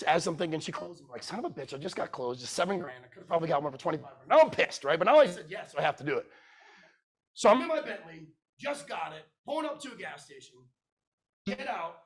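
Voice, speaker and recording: Animated male storyteller at a conference. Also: sits high, fast. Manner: animated storyteller acting out dialogue. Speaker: keynote speaker. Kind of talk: storytelling sales talk. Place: conference room.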